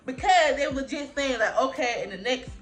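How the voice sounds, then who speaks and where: A young woman telling a storytime vlog in casual slang, acting out voices with big jumps in pitch. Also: brisk, faint music behind. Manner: animated storytelling, acting out her own and others' lines with big pitch jumps. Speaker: vlogger.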